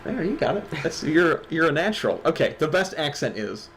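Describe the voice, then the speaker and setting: Animated, joking Midwestern man. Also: a little high, fairly quick, a little hiss or hum. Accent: Midwestern American. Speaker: stream co-host presenting awards. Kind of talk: casual chat.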